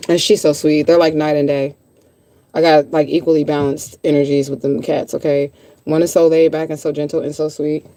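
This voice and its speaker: A woman's voice: sits low, little pitch movement, fairly quick, warm tone, dry recording. A woman reading tarot in a casual livestream chat, blunt, chatty and freely profane. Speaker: tarot reader.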